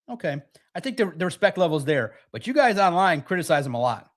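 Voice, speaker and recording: A man's voice: fairly high pitch, big pitch swings, fast. A man hosting a football talk show, chatting casually and joking as he gives his takes. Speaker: sports talk show host. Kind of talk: casual sports commentary.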